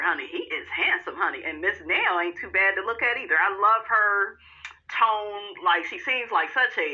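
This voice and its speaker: Sassy woman with a sharp bright voice. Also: fairly low pitch, dull audio. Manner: sassy, calls listeners honey and child; laughs often at the drama. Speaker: reality TV recap host. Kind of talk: casual recap commentary.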